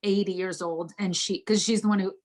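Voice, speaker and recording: A middle-aged woman from New Jersey, a guest telling her life story in a candid, expressive way, with casual swearing, from her home. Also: medium pitch, fairly quick.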